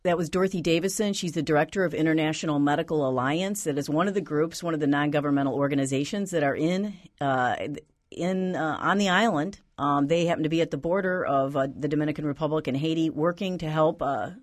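Low-voiced woman hosting a radio interview. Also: quick pace, no echo, studio quality. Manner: relaxed, with many fillers. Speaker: radio host.

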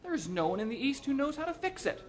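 A man's voice: very high-pitched, very animated, fast talker, a little hiss or hum, pitched above the performer's own voice. A man playing a frantic young intern. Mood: panicked. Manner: frantic, stumbling. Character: panicky young male intern.

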